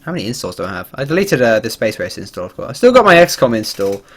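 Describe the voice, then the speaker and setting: A man's voice: medium pitch, fast. A man streaming a game, chatting casually and rambling, swearing and chuckling along the way. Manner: animated, rambling, swears and laughs freely. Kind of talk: casual livestream commentary.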